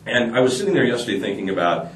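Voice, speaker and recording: A man's voice: mid-range voice, very fast, echoey room, recorded from a distance, a little hiss or hum. A man hosting a radio show, chatting and telling jokes in a jokey way that repeats itself. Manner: animated, jokey, repeats himself. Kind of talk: morning radio banter and joke telling.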